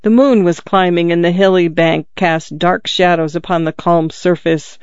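A man narrating a story in a measured, expressive reading, close to the mic. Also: fairly high pitch, clear, resonant tone, no room sound. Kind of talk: scripted narration. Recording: slightly dull, dry lo-fi recording.

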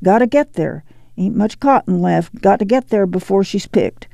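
Male reader playing a steady rural mother ordering her family about, gravelly, dry. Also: medium pitch, no echo, voice pushed up. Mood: firm. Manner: folksy rural dialect, brisk commands. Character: weary, firm farm mother running family.

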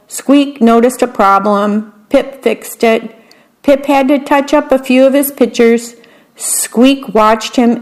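A woman reading a children's picture book aloud, pausing to describe the pictures in a chatty aside. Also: fairly high pitch, a little mellow, rough recording. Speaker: storybook reader.

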